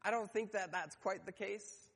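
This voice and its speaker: A man's voice: high voice, normal speed, a bit bright. A man preaching a sermon, telling the story and briefly acting out the voices in it. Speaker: pastor. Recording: long hall reverb.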